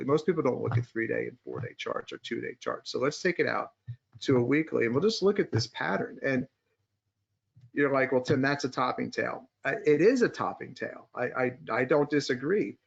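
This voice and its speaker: A man's voice: medium pitch, animated, brisk, vocal fry, breathy edge. A male co-host of a podcast chatting casually, joking around and then explaining stock charts step by step, with many restarts. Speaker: market strategist and co-host. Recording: muffled lo-fi audio.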